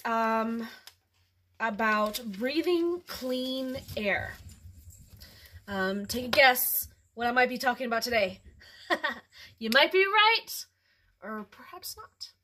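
A woman hosting a home video, chatting casually and then reading a children's story aloud with ums and pauses. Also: fairly high pitch, a little hiss or hum. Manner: animated, with ums and throat clearing.

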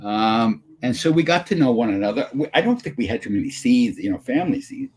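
An older man telling stories from his acting career as a guest in a video-call Q&A, in an animated, anecdotal way. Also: mid-range voice, brisk, a little hiss or hum. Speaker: guest actor.

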